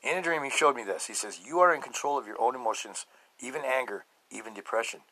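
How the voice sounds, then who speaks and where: A middle-aged man hosting a podcast, telling his own story emphatically and swinging between loud outbursts and low murmurs. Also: quick pace, rough recording. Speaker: podcast host. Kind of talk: personal testimony monologue.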